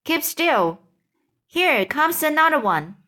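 A woman reading aloud and voicing a brave, quick-thinking young boy who gives urgent commands. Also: sits high, sing-song, bright, forceful tone, voice pushed up, full character voice.

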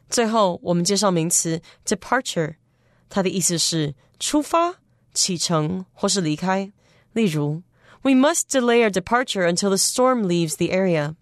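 A woman teacher explaining English vocabulary in Mandarin, reading example sentences in a measured way and spelling words out slowly. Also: fairly low pitch, expressive, no echo, clean studio sound. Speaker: language teacher.

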